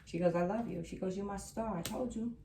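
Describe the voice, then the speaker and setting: At a medium pitch and a slightly fast pace, a woman with a mellow voice does a tarot reading, reassuring viewers and repeating her central lines emphatically. The sound is roomy from a distant mic, with a little hiss or hum.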